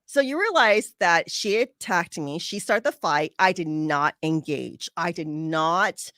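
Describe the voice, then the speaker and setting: Female podcast host, lower register, dry booth sound; conversational advice, animated quoting. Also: measured pace, no echo. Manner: animated, acts out quoted friends. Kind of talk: casual storytelling advice.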